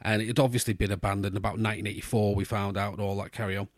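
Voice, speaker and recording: A man's voice: on the low side, level tone, racing, no echo, clean studio sound. A man hosting a podcast, telling a long rambling anecdote in a casual chat, full of restarts and asides. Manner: rambling anecdotes with restarts, slips into posh put-on voices. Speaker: podcast host.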